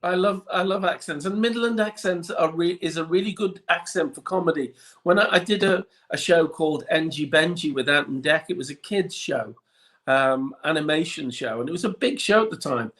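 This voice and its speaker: A man's voice: a little high, normal speed, fairly bright tone. A man with a Liverpool accent, a guest chatting casually in an interview with many little restarts. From Liverpool, England. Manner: chatty, frequent restarts and ums. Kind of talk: relaxed interview chat.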